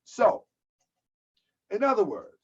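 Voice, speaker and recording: A man's voice: sits high, wildly swooping pitch, slow, breathy edge. A man from the United States hosting a live-stream talk, lecturing casually, answering viewers' comments and repeating rhetorical questions in a preachy way. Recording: dull lo-fi sound.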